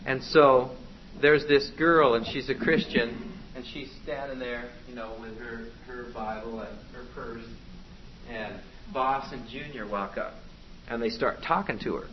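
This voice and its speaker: A man's voice: mid-range voice, fairly even intonation, unhurried, a crowd in the background. A man preaching a conversational, exhorting sermon to his congregation. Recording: dull lo-fi with faint noise.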